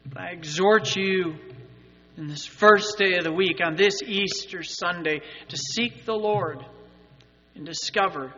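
A male pastor giving an Easter sermon, moving between loud, urgent appeals and quiet, earnest asides. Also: high voice, unhurried, big-room sound, lo-fi sound, soft background music. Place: church sanctuary.

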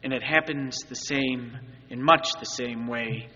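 Bright-voiced man preaching in a reverberant church. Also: medium pitch, measured pace, highs cut off. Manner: preaching, swings from loud urgent appeals to quiet earnest asides. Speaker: pastor. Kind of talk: Easter sermon. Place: church sanctuary.

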